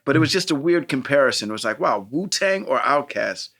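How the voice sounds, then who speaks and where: A man co-hosting a podcast in casual chat, playful and quick to laugh, often quoting himself. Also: mid-range voice, lively intonation, fairly bright tone. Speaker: podcast co-host.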